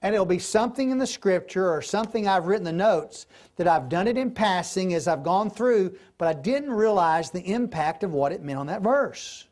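A man's voice: high voice, expressive, normal speed, few pauses, a little mellow. Folksy man teaching a Bible class. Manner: folksy, conversational, asks the class questions. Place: classroom or church hall. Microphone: recorded class.

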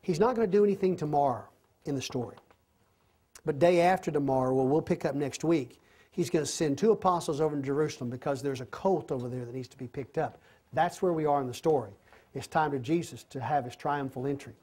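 A man teaching a Bible study, retelling the story with animated, repeated emphatic phrases. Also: a little high, breathy edge. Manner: softer, slower closing prayer.

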